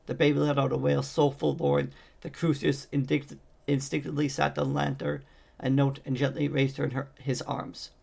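A man's voice: medium pitch, completely flat delivery, moderate pace, gravelly, darkish tone, slightly rough. A man reading a fantasy novel aloud as an amateur audiobook narrator, stumbling and restarting on words now and then. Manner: reads with frequent slips and restarts. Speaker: audiobook reader.

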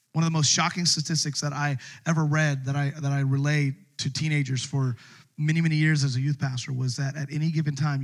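A pastor preaching a sermon in a church service, retelling a story with lively acted voices. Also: male voice, on the high side.

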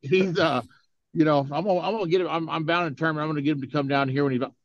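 Profane, laughing storyteller man, higher voice. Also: fairly even intonation, racing, no echo, muffled recording. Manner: profane, laughing, heavy use of "you know". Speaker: podcast guest. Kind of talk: casual storytelling chat.

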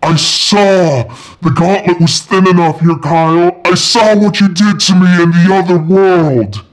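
A man voicing a vengeful male werewolf who shouts bitter accusations in a tabletop game. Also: high voice, measured pace, poor audio. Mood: accusing. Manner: loud, accusing outburst.

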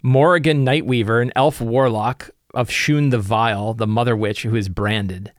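Game-master type man, animated casual recap, medium pitch, dry close mic. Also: normal speed, no room sound. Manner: animated retelling with many fillers. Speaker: game master and tabletop gaming creator. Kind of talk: casual session recap and prep talk.

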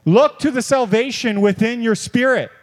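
High-voiced excitable male pastor in a hall. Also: normal speed. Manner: animated, repetitive, swings between soft and excited. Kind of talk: sermon. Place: church hall. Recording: long reverb of a church hall.

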